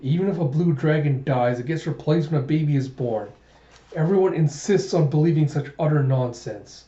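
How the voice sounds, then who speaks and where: A man's voice: on the high side, normal speed, reverberant, muffled recording, natural voice. A man doing a stern, scolding swordsman. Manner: sharp, scolding.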